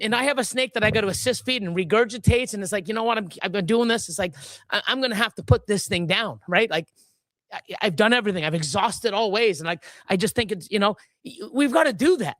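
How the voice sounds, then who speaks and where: A woman's voice: fairly high pitch, expressive, fast talker, a bit bright, no echo. Brief: woman host, angry profane rant, restarts often, dry close mic. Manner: furious, profane, many restarts. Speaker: livestream host. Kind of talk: angry live-stream rant.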